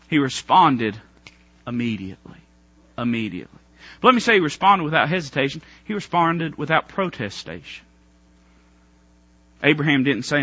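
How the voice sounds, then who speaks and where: A man preaching a sermon, folksy and emphatic, swinging from loud outbursts to hushed lines. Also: on the high side, animated, brisk, husky, no echo. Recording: dry, dull lo-fi sound.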